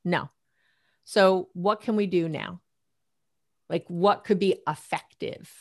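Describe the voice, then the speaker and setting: A middle-aged woman, a relationship therapist, talking casually in an interview, animated and laughing often as she acts out her clients' lines. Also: fairly low pitch, slow.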